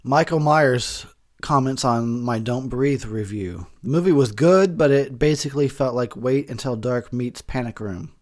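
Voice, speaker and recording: A man's voice: mid-range voice, unhurried, darkish tone. A man, drunk, giving a rambling, crude commentary over a movie, laughing often as he talks.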